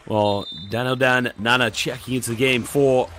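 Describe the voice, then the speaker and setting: A man doing live play-by-play commentary on a basketball game, calling the action briskly and reading out viewer chat messages between plays. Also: mid-range voice, fairly even intonation, fairly bright tone.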